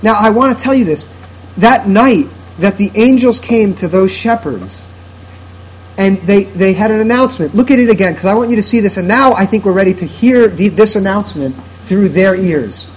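A man's voice: high voice, animated, moderate pace, poor audio. A man preaching a sermon to his congregation in an earnest, emphatic way, driving his points home through repetition. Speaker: pastor.

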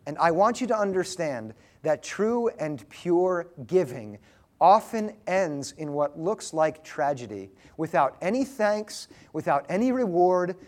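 Male pastor, thirties to forties, earnest sermon, unhurried and tender, a touch higher than most men. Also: sing-song. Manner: earnest, slow and tender storytelling.

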